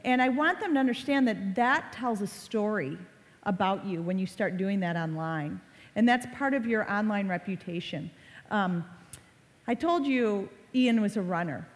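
A woman in her forties giving a talk to a live audience, telling stories and acting out quotes. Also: mid-range voice. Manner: chatty storyteller, acts out quotes. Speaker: speaker on online reputation. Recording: reverberant hall.

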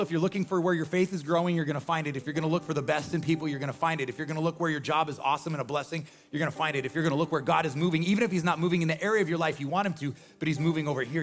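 A man in his forties delivers a sermon at a rapid clip, his voice sitting a little high for a man. He preaches with energy and emphasis, driving points home with repeated refrains. Soft music plays faintly behind him. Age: 40s. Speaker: pastor.

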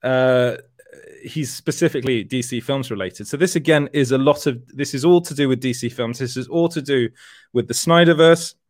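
A man's voice: medium pitch, normal speed, dry recording. British male host, casual rambler who keeps restarting his sentences, dry close sound. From Britain. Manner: rambling, self-correcting, laughs often. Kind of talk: casual livestream chat.

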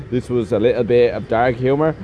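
A man's voice: mid-range voice, lo-fi sound. Sweary ranting man over street noise. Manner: sweary, complaining, animated storytelling. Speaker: podcast host. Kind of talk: casual ranting chat. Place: sheltered seat outdoors at a café in the rain. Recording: loud street and construction noise. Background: traffic and construction noise.

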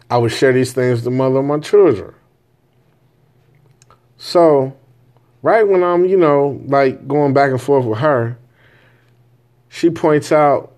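A man's voice: medium pitch, a little mellow. A man in his forties telling a candid story about raising his children, bluntly and with frequent checks on whether the listener follows. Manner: blunt, candid storytelling with constant "right?" check-ins and profanity. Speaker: father sharing parenting views. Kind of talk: casual monologue to camera.

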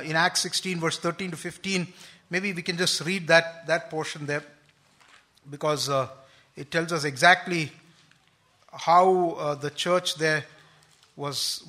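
A man preaching a sermon, explaining scripture in an unhurried, thoughtful way with frequent pauses and restarts. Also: fairly high pitch, pushed and bright.

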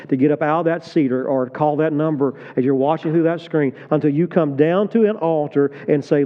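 A male pastor preaching a sermon with passion, swinging from hushed tones to loud emphatic peaks. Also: fairly high pitch, a little fast, few pauses. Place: large church hall. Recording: dull sound, long hall reverb.

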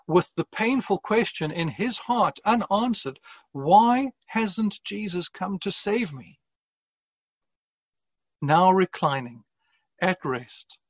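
A man preaching a sermon as pastor, in an earnest, measured way with deliberate pauses. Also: on the high side, no echo, lo-fi sound.

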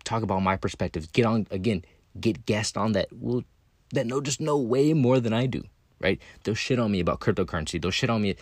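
A man with a fairly low voice hosts his own podcast in a loose, unscripted monologue. He talks bluntly and swears a lot, leaning on "right?" and "again" as he goes. The sound is dry and close. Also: lively intonation, fairly quick, a little mellow, no room sound. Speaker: podcast host. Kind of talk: casual monologue.

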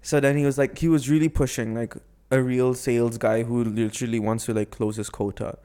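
A man's voice: medium pitch, a little fast, smooth. A man telling a long, casual story on a chat podcast, acting out the people in it. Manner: animated storyteller, acts out other voices. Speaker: podcast co-host.

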